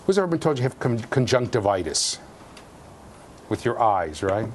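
A man giving a university lecture in an animated, jokey way, with sudden loud outbursts. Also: medium pitch, moderate pace, slight background noise. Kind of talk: classroom lecture. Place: lecture hall.

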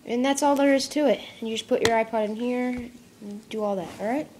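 A woman's voice: a little high, fairly quick, a little mellow, a little hiss or hum. A young woman casually narrating an unboxing, rambling and self-mocking, often dropping into mutters and whispers. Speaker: product unboxing vlogger.

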